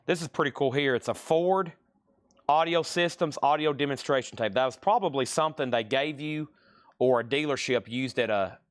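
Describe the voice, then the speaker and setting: A talkative man runs a live-streamed sale of records and cassettes, wandering off into asides between prices. His voice sits at an ordinary pitch. The sound is dry and close, with almost no room around it. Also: moderate pace, no room sound. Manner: chatty, rambling, names items and prices. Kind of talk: casual live-stream selling.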